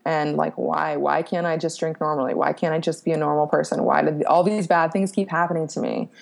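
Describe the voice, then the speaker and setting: A woman's voice: low-pitched, fairly even intonation, brisk, creaky. A young woman from Pennsylvania, a podcast guest, frankly telling a personal story with plenty of fillers, casual swearing and laughs at herself. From Pennsylvania, USA.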